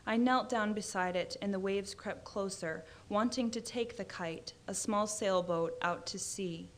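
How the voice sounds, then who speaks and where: A woman reads her own short fiction aloud in a measured, dry narrating voice. Her pitch sits in a comfortable middle range. The delivery is steady and unhurried. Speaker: author reading her fiction. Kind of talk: literary reading.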